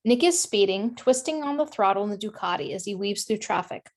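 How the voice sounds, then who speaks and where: A woman reading screenplay stage directions in a brisk, matter-of-fact way. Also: mid-range voice, animated. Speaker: narrator reading action lines.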